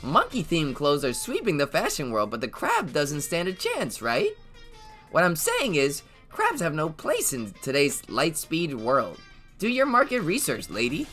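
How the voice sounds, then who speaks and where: A man voicing a smug, mischievous male robot bear in a game, talking in lively sing-song sarcasm. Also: a little high, a little slow, faint music behind, exaggerated voice. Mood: mocking.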